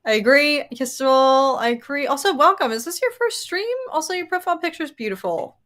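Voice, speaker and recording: An American woman co-hosting a casual livestream chat, excitable and quick to laugh as she talks to her viewers. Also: high-pitched. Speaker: livestream co-host.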